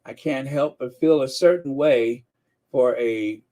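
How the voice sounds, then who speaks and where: Slow, chatty male live-stream host. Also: mid-range voice, dark tone. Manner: unhurried, chatty, many um and uh fillers. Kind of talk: casual live-stream commentary.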